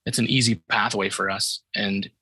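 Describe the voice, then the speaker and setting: A male podcast host answers his guest in an easy, affirming way and chats casually. His voice is bright and slightly husky, and the recording is dry with no room sound. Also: fairly low pitch, fairly even intonation, moderate pace, no room sound. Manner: agreeable, conversational, affirming.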